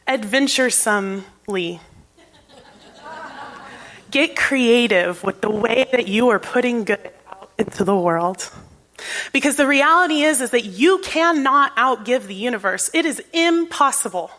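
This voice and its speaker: A woman's voice: a little high, lively intonation, unhurried, fairly bright tone. A woman minister giving a sermon in a church, with an earnest manner, rhetorical questions and a repeating cadence. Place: church sanctuary.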